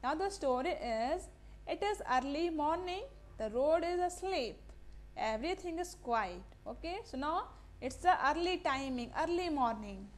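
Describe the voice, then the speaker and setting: A woman's voice: high-pitched, lively intonation, unhurried. A woman teacher, giving a classroom lesson, asking the class questions and repeating key words, now and then slipping into Hindi. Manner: mixes Hindi phrases into English.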